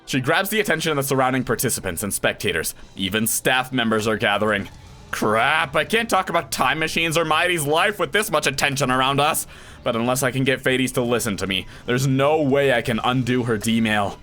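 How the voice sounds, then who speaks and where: A man's voice: mid-range voice, lively intonation, fairly quick, bright, forceful tone, soft background music. A young man, a voice actor, reading a visual novel aloud and acting out the lines, with his own reactions mixed in. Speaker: voice actor doing a game playthrough.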